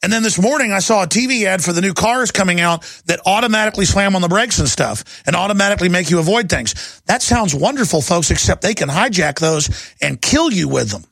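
A man's voice: high-pitched, expressive, brisk, gravelly, a bit bright, no echo. A middle-aged man hosting a talk radio show, ranting fervently in a rising, impassioned monologue.

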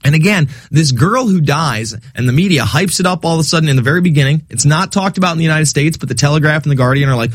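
A man hosting a talk radio show, delivering an animated, sarcastic monologue. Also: a little high, fast talker, dry recording, clean studio sound. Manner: animated, sarcastic, mocking quoted voices.

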